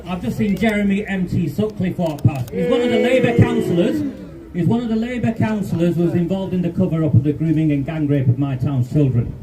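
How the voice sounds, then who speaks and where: A man's voice: high voice, a little fast, noisy background. Angry fifty-something man at an outdoor rally. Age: 50s. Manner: angry, defiant, emphatic. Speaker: rally speaker. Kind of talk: impassioned protest speech. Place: outdoor street protest. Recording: distant outdoor mic.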